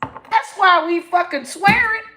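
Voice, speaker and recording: A woman comedian hosting a live stream, ranting with constant profanity in a loud, rambling way. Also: very high voice, a little slow, noisy background. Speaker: comedian host. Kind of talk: live-stream comic rant. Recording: echoey room.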